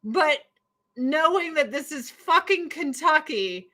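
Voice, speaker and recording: High-pitched lady ranting on her stream, slow and sarcastic, swears a lot. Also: animated, bright, forceful tone, poor audio. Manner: sarcastic, profane, exasperated. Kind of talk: casual ranting commentary.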